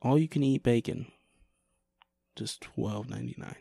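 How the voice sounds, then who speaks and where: A man's voice: medium pitch, moderate pace, creaky, dark tone, slightly rough, no room sound. A man co-hosting a casual movie podcast, trading teasing, playful banter. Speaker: podcast co-host.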